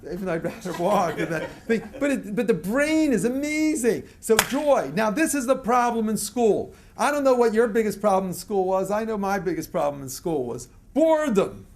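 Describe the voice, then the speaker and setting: Older man with a high, chuckling voice. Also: very animated, normal speed, few pauses, a little hiss or hum. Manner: chuckles often while telling stories; storytelling, leads the crowd in chants. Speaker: motivational speaker. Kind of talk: lecture to a live audience.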